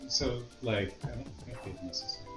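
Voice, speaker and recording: A man's voice: medium pitch, a little fast. A man chatting with friends while gaming, making wry jokes. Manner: joking, wry commentary. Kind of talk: casual chat while gaming. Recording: roomy sound with loud game music.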